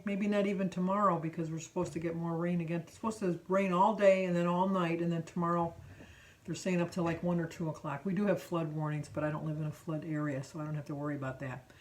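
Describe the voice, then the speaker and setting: A middle-aged woman talks through her day in a casual, rambling vlog, her voice sitting on the low side. She corrects herself often and fills pauses with ums. The mic sits some distance away, so she sounds slightly removed. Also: a little mellow. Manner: rambling, chatty, with frequent ums and self-corrections. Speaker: vlogger.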